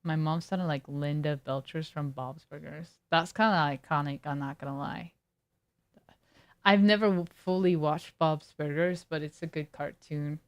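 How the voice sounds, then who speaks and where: A woman's voice: low-pitched, normal speed. A woman streamer chatting casually with her viewers, reading chat aloud and riffing on it in a laid-back way.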